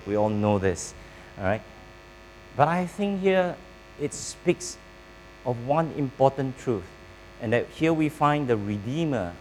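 A male pastor delivering a sermon at an unhurried, measured pace, breaking his thoughts into short phrases. He asks his listeners questions and prompts them to answer. A faint electrical hum sits under the voice. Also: mid-range voice, poor audio. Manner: preaching with pauses, quizzing the congregation.

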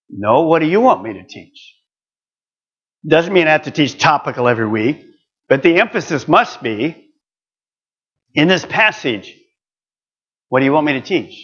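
A man's voice: a little high, big pitch swings, normal speed, pauses often, a bit bright, muffled recording. An older man preaching a sermon, earnest and building to emphatic exhortation.

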